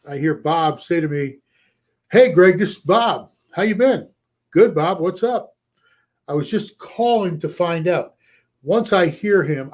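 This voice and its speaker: Energetic man coaching in a raised voice. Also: fairly high pitch. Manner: energetic, repeats key phrases for emphasis; acts out short role-play lines with a lifted voice. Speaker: coach hosting a weekly live show. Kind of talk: casual coaching talk to a live chat.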